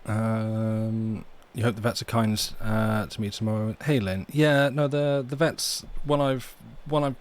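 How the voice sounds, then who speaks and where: A man from the UK, hosting a livestream from home in a soft, rambling, chatty way and reading poetry aloud. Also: fairly low pitch, flat delivery, unhurried. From United Kingdom. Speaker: livestream host. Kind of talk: casual livestream chat and poem reading. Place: home room.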